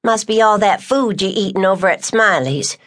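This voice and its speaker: In an audiobook, a woman reads as Tucker, a blunt rural woman who teases the kids in folksy dialect. Her voice jumps up high and lively for the teasing lines. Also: moderate pace, natural voice.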